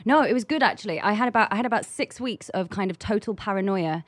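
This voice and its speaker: A woman's voice: medium pitch, expressive, fast, no room sound. Chatty young Englishwoman with a dry voice. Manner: chatty, lots of "kind of" fillers. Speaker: actress, guest. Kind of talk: casual interview chat.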